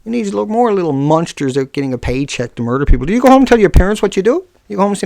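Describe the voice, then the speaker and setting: A man's voice: high-pitched, sing-song, racing, vocal fry, hardly any pauses, darkish tone, no echo, clean studio sound. A man video-blogging live, combative and scornful toward a commenter, breaking off into joking asides with viewers. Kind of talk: live-streamed rant to viewers.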